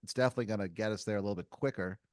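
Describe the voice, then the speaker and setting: A man's voice: lowish voice, rapid-fire, clean tone, no room sound, clean studio sound, natural voice. A man voicing a whimsical male space wizard who talks in a laid-back, rambling way.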